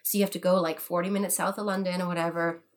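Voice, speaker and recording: A young American woman, an actor, telling a story in casual chat, animated and laughing often as she acts out quotes. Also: fairly low pitch, very fast. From United States. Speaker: podcast guest, actor.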